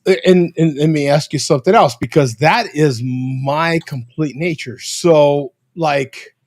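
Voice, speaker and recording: An American man speaks slowly and deliberately, setting up each question with care. His voice sits somewhat high for a man, and he stays polite and measured throughout. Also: darkish tone. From United States. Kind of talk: casual conversation.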